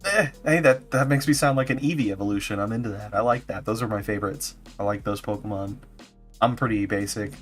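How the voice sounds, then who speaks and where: A man's voice: lowish voice, a little fast, soft background music. A man streaming as a vtuber, chatting casually and playfully with his viewers and laughing often. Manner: giggly, playful, reacting to chat. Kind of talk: casual livestream chat.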